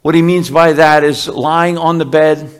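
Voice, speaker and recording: A man preaching a sermon, reading scripture aloud and explaining it with slow, emphatic rises. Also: on the high side, fairly even intonation, clean tone. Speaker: pastor.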